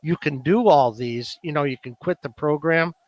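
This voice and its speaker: A man's voice: fairly high pitch, moderate pace, no echo. A man with a Chicago accent presenting at a meeting, musing aloud with many fillers. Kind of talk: casual demonstration talk.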